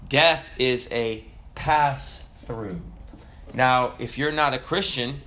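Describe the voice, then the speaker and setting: A middle-aged man preaching a sermon as pastor, animated and emphatic, swinging his delivery up and down. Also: mid-range voice.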